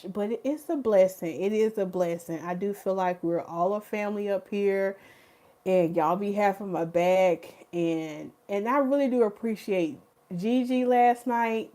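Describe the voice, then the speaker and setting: A woman's voice: mid-range voice, darkish tone. A woman from North Carolina hosts a casual livestream. She chats and reads viewer comments aloud, laughs often and gets openly emotional. Her voice sits in an ordinary middle range and comes through a close phone mic. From North Carolina, USA. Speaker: hair stylist and livestream host.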